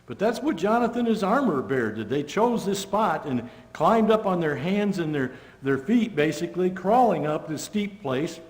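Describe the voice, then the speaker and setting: A man preaching a sermon, telling the story with lively character voices and casual conversational asides. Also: high-pitched, moderate pace, hardly any pauses. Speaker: pastor. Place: church sanctuary. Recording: long church-hall reverb.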